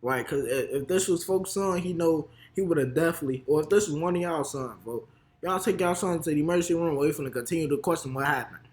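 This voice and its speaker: A man's voice: on the high side, quick pace, darkish tone. A young man with a Chicago accent giving heated, slang-heavy reaction commentary. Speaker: reaction video host.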